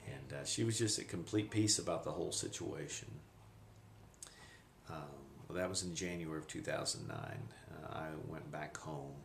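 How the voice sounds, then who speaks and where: Middle-aged man, very low gravelly voice, halting personal testimony, echoey camcorder audio. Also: slight background noise. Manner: reflective, halting with pauses. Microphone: handheld camcorder.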